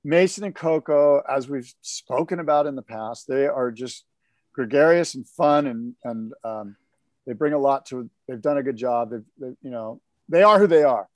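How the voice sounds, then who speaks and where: A man co-hosting a podcast, chatting casually about surfing in an animated, rambling way with many fillers. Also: medium pitch, moderate pace, no echo, clean studio sound. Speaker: podcast co-host. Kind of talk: casual surf talk chat.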